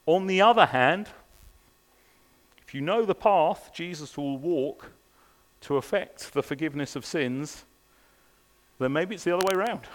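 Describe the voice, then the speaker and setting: A man's voice: a little high, unhurried, pauses often. A man preaching a sermon at a church service, earnest and pressing his listeners with repeated rhetorical questions. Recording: long reverb of a large hall.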